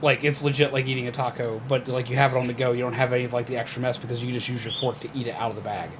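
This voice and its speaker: A man's voice: medium pitch, little pitch movement, racing, noisy background. A young man playing a horror game and chatting casually, swearing and rambling with lots of fillers. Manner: laid-back, swears, loose filler-heavy storytelling. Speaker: gamer. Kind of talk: casual let's-play chat.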